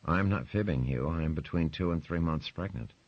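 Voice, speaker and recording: A man voicing a composed young woman who speaks calmly and evenly, in a dry, slightly muffled recording. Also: very deep voice, a little fast, no echo. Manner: calm and level.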